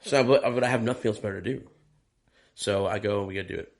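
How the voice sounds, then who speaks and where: A man's voice: fairly low pitch, fast talker, gravelly. A man, a touring drummer, telling stories in a casual interview, swearing freely and acting out what people said to him. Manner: animated, profane, acts out quoted dialogue. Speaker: touring and session drummer, guest.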